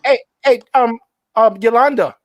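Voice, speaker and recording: A man's voice: very high voice, unhurried, dry recording. A man with a New York accent hosting a call-in livestream show, teasing his callers in a casual way and often restarting his words.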